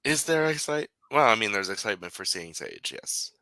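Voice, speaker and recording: A livestream host in casual chat who greets viewers by name and reads out their messages, friendly and unhurried. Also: mid-range voice, very animated, pushed and bright, no room sound.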